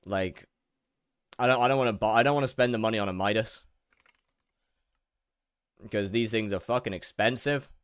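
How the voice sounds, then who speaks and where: A man's voice: lowish voice, normal speed, long pauses, smooth, no echo. A young man chatting casually while he streams a game, rambling, repeating words and answering his chat.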